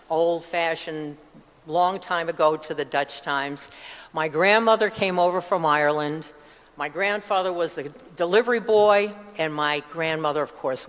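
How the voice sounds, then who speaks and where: A woman's voice: low voice, in a large hall. An older woman from upstate New York with that region's accent, giving a chatty, digressive personal testimony in church with many asides. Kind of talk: personal testimony, rambling storytelling.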